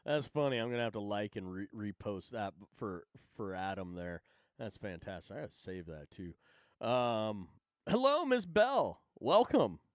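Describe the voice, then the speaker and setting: A man's voice: deep voice, moderate pace, no echo, studio quality. A man hosting a live stream, reacting to posts with blunt, profane, sarcastic commentary. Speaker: livestream host. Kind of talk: ranting casual commentary.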